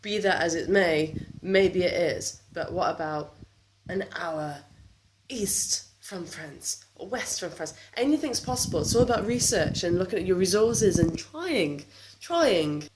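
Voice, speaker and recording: A woman's voice: on the low side, animated, unhurried. A woman from England talking candidly to the camera in a vlog, frustrated and emotional, with faint background noise. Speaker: vlogger.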